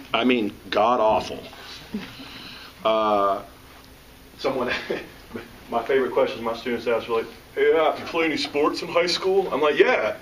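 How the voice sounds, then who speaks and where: A man's voice: mid-range voice, slight background noise. A man from the South, an author and teacher telling jokes and stories to a live audience. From American South. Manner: joking, animated storyteller. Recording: distant mic with audience around.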